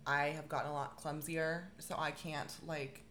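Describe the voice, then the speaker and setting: Low-voiced woman hosting a casual chat. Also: level tone, normal speed, fairly bright tone, a little hiss or hum. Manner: supportive listener, frequent short affirmations.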